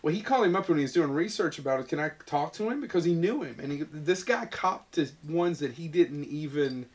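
A man hosts a casual podcast with a slightly higher voice than most. He jokes around loosely and swears now and then. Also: animated, fairly quick. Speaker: podcast host. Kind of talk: casual chat.

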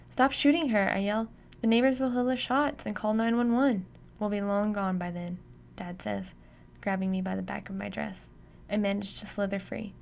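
Woman narrating with a gravelly voice. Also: medium pitch, darkish tone, a little hiss or hum. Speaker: audiobook narrator. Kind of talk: first-person audiobook narration.

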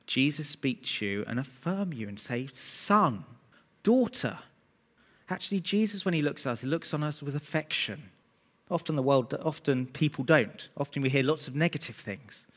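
A man's voice: on the high side, a bit bright. A man preaching a sermon, earnest, lifting his voice on key words. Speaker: pastor. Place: church hall. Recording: church hall reverb.

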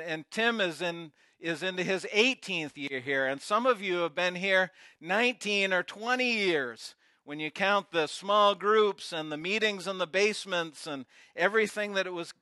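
A middle-aged male pastor giving an earnest, emotional sermon, often halting and restarting. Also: high-pitched, bright, forceful tone, no echo.

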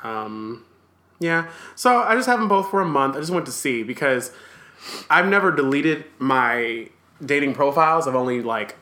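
A man's voice: mid-range voice, animated, moderate pace, sharp tone. A man co-hosting a casual podcast chat, candid and joking, laughing often. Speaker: podcast co-host.

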